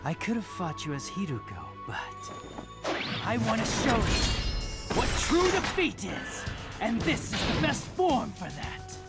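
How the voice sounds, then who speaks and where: An actor playing a cold, arrogant young puppet master in a game, haughty and contemptuous. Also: male voice, high-pitched, sing-song, a little slow, exaggerated voice. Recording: game audio under loud music.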